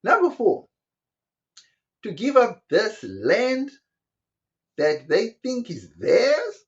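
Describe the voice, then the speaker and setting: Man, sarcastic commentary, rhetorical questions, animated pitch, dull lo-fi audio. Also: drawn-out words, long pauses, slightly rough. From South Africa. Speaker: online commentator. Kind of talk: opinion commentary monologue.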